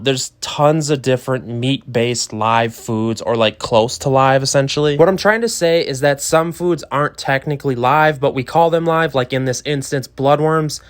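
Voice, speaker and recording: A man hosting his own fishkeeping channel, talking in a hyped, rambling way with lots of fillers and self-mocking asides. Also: medium pitch. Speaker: aquarium channel host. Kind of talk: casual vlog talk.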